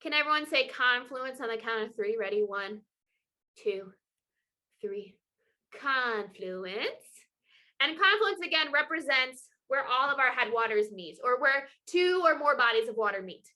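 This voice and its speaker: A young woman leading an upbeat online lesson for children, energetic, encouraging and playful. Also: sits high, normal speed. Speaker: children's water festival educator. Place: home, indoors. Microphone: video call.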